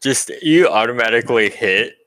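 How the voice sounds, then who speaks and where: A man's voice: medium pitch, lively intonation, moderate pace, a bit bright. A man narrating as game master of a tabletop game, joking and self-deprecating.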